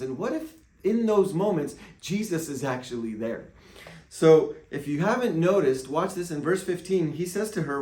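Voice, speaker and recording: A fairly high-voiced man delivers a devotional teaching as a pastor, animated and playful, slipping into quoted voices. His voice rings in a noticeably echoey room. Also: normal speed.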